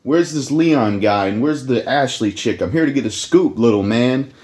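A man's voice: mid-range voice, lively intonation, normal speed, a little mellow, lightly acted. A man casually voicing a cocky, profane male photojournalist hero from a video game, in close to his own voice. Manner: brash, profane, swaggering.

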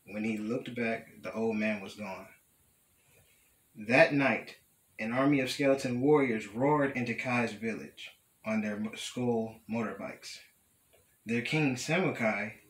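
Young guy reading a kids book aloud, bright voice, kinda echoey room. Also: mid-range voice, a little slow. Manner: steady, careful read-aloud delivery. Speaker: student storyteller.

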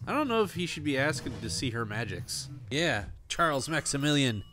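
A man's voice: mid-range voice, sing-song, brisk, pushed and bright. A man doing let's play commentary, joking and putting on mock-pompous asides. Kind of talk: gameplay commentary.

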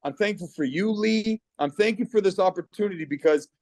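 A man's voice: high voice, fairly quick, a little mellow, no echo. A middle-aged man from Canada giving an earnest, persuasive personal testimonial on a video call. His voice catches with emotion as he speaks.

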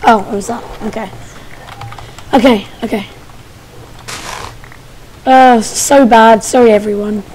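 A woman's voice: fairly high pitch, fairly even intonation, slow, long pauses, a little mellow, a little hiss or hum, rough recording. A woman talking casually to herself while playing a video game, muttering as she goes. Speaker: gaming channel host. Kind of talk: casual let's-play commentary.

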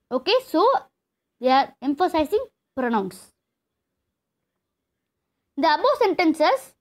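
A woman teaching an English grammar lesson, explaining step by step and repeating key terms. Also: high-pitched. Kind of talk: classroom lesson.

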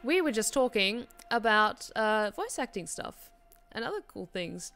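A woman's voice: a little high, sing-song, a little slow, vocal fry, fairly bright tone, faint music behind. A woman streaming a video game, chatting casually with her viewers and swearing freely as she plays. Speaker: streamer and hobby voice actor. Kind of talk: casual live-stream chat while gaming.

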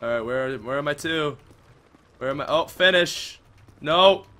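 A young man commentating his own gameplay, chatty and excitable, with outbursts and mock-British slang like mate. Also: a little high. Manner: excitable, chatty, quick outbursts while playing. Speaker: gaming video host. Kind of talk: let's play commentary.

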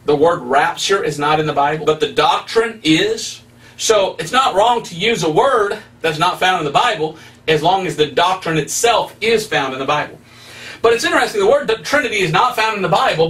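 A man's voice: high voice, expressive, moderate pace, a bit bright. Emphatic preaching man, slightly distant mic. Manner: emphatic, preacherly, with rising stresses. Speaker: evangelist. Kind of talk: preaching Bible study.

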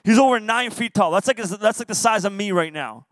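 A young man, a youth pastor, giving a lively sermon to teens and playfully acting out quotes. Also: sits high, a little fast, no echo. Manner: playful, acts out voices and quotes. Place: church youth service.

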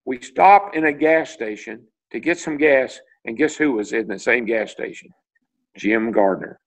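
An older man from Tennessee spins rambling stories over a video call, stumbling and restarting as he goes. He jumps way up in pitch whenever he acts out what other people said. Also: expressive, a little slow, low-quality recording. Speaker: interview guest, retired racing driver. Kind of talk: storytelling in a video call interview.

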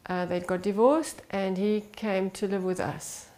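A middle-aged woman from South Africa, haltingly recalling family hardships in a conversation. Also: mid-range voice, fairly even intonation, warm tone. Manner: halting, with pauses and restarts. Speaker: interviewee, wife. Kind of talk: personal testimony in conversation.

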